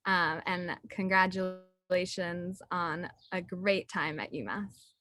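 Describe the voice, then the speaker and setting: A woman's voice: lowish voice, slow. A young woman giving a chatty, gushing tribute to a friend at a student ceremony, full of fillers and getting emotional. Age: young adult. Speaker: student speaker honoring a friend. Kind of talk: heartfelt tribute speech.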